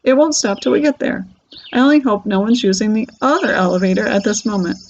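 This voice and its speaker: A woman doing a brisk, cheerful candy maker. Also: mid-range voice, slight background noise, natural voice. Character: eccentric showman male candy maker. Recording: dull lo-fi recording.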